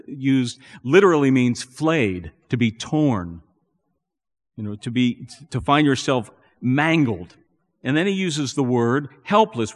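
Male pastor, earnest sermon delivery with rising emphasis; medium-pitched voice with long hall reverb. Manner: earnest, building to animated emphasis.

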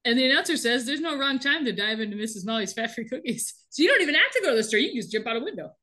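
A podcast co-host with a high-pitched, bright, pushed voice races through an excited recap of a TV episode. It's casual chat, very animated, and she laughs often.

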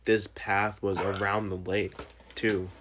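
A young man telling a story in a casual chat, animated, profane and full of slang. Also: on the low side, slow pace, a little hiss or hum.

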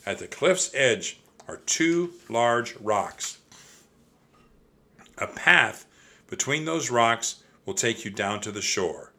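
A kindly monk with measured, old-fashioned speech, voiced by a man reading a storybook. His tone is bright and clear. He stays gentle even when he is urging people on. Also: mid-range voice, exaggerated voice. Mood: earnest. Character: kindly middle-aged male monk, calm and urgent.

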